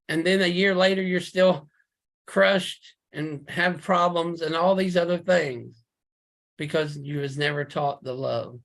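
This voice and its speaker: A man preaching a fiery, emphatic sermon over a video call, full of rhetorical questions and sudden loud bursts. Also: a little high, unhurried, gravelly.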